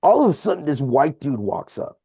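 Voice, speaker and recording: A man's voice: fairly high pitch, very animated, fairly quick, creaky, dark tone, husky, no room sound, studio quality. A man telling a heated story about a confrontation with lots of swearing, speaking casually as a podcast guest. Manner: profane, heated retelling of a confrontation. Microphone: podcast microphone.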